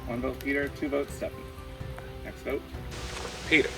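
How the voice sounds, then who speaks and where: A man hosting a game show, reading out votes with a measured, formal announcer delivery. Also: medium pitch, steady tone, vocal fry. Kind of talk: announcing votes at a tribal council. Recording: distant mic with music underneath.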